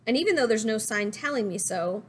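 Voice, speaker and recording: A woman reading a first-person story aloud in an even, conversational storytelling manner. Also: on the high side, fairly quick, a little hiss or hum. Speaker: audiobook narrator.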